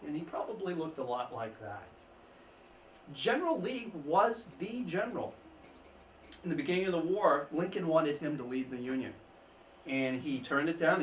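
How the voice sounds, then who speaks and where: A man giving an informal history talk to an audience, telling the story with chuckling asides and lively emphasis. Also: a little high. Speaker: history speaker. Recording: echoey room, mic at a distance, faint background noise.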